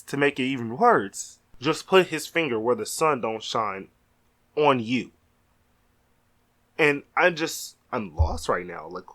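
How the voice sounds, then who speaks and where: A young man telling a storytime vlog, animated and exasperated, talking casually. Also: mid-range voice. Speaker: vlogger.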